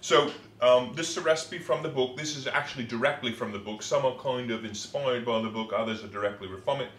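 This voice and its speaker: A man with a put-on London accent, casually talking through a recipe he is cooking, rambling and playful with many pauses and ums. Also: mid-range voice, a bit bright, roomy sound.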